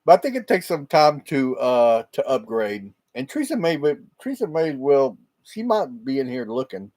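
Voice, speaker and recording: A man's voice: mid-range voice, very animated, moderate pace, a little mellow. Chatty man rambling to viewers. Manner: rambling, chatty, laughs often. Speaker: livestream host. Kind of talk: casual live chat with viewers. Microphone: laptop microphone.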